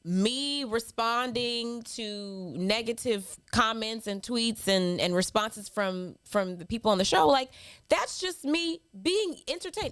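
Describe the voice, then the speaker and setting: A woman's voice: on the high side, animated, slow pace, a bit bright, clear, resonant tone, dry recording. Woman on a podcast roasting her haters, sassy and mocking, laughing as she reads mean emails, dry close sound. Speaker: podcast co-host. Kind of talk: casual chat, reading hate mail aloud.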